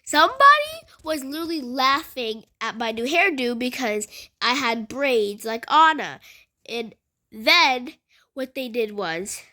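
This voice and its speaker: A woman telling a story in a casual, rambling way, full of fillers and animated retellings. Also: high-pitched, unhurried.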